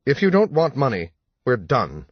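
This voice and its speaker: A curt, impatient homeowner guarding his porch, read by a male narrator, gruff and husky over a low, dry voice. The audiobook sound is dull and lo-fi. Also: wildly swooping pitch, moderate pace, dry recording. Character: gruff protective middle-aged homeowner, impatient.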